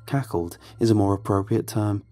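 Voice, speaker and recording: A man reading a horror story aloud as a scripted narration, with measured, tense storytelling. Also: on the low side, dark tone, no echo, soft background music.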